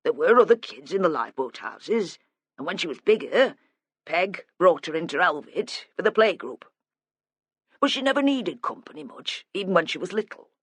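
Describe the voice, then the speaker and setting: A subdued, plain-spoken older father, as a narrator voices him, weighed down by guilt and pausing as he remembers. The voice sits lower and softer than the narration, close and dry. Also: big pitch swings, slightly rough, no room sound, exaggerated voice. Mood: reminiscing. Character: grieving older father, quiet and guilt-ridden.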